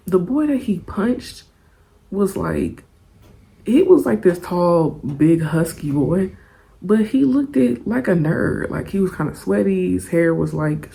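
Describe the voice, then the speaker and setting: A young woman telling a story in a casual storytime vlog, animated and profane, laughing often. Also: on the low side, gravelly.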